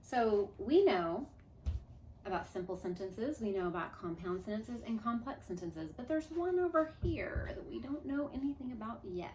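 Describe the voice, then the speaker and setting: A woman's voice: on the high side, moderate pace, slight background noise. A woman teacher leading a class through a grammar review in a classroom, coaxing answers and leading chants. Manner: lively, coaxing, leads chants. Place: classroom with a board. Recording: echoey room.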